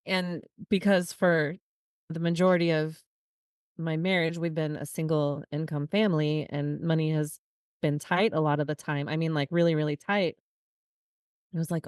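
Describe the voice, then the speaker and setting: Low-voiced woman telling a story. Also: no echo, clean studio sound. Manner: animated storytelling, quick asides. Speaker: podcast co-host. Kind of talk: casual conversation.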